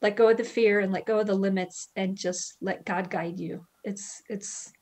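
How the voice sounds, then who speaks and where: A woman guest speaking earnestly and heartfelt about her faith, with soft laughs between thoughts, over a video call. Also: mid-range voice, steady tone, normal speed. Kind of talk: personal faith testimony.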